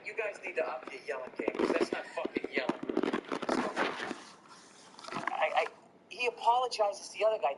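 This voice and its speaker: A man with a high-pitched voice tells a story on a podcast, swearing freely and ranting with energy. The recording carries a clear layer of background noise. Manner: profane, ranting, animated storyteller. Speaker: podcast host. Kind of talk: casual storytelling chat.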